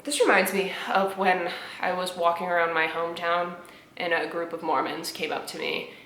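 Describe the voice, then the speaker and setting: A woman's voice: on the low side, normal speed, slight background noise. Sarcastic young woman, roomy home echo. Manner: sarcastic, animated, laughs often, swings between loud outbursts and muttered asides. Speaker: video creator reacting to memes. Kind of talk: casual commentary vlog. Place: home apartment.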